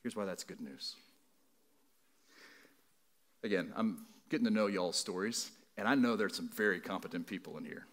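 A man's voice: sits low, normal speed, long pauses, fairly bright tone. A man preaching a sermon as pastor, earnest and conversational, building emphasis through repeated phrases and frequent asides to the congregation.

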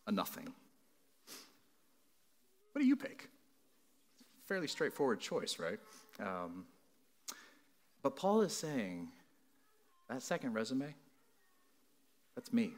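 A pastor with a fairly low-pitched voice preaches a sermon in an earnest, conversational way. He builds emphasis by repeating phrases and often turns aside to address the congregation.

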